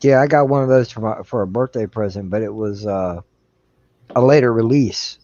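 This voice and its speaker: A man's voice: fairly low pitch, moderate pace, a little mellow, no room sound. An older man who is a grandfather, chatting about old toys in a rambling, nostalgic way. His voice comes through a dull, lo-fi microphone with a dry sound. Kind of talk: casual chat. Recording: dull lo-fi mic.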